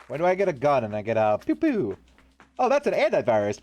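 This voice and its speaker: A man's voice: on the high side, wildly swooping pitch, quick pace, darkish tone, soft background music. A man streaming a game live, reading its text aloud and joking crudely as he plays. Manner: swears freely, jokey, mocking mock-British bits.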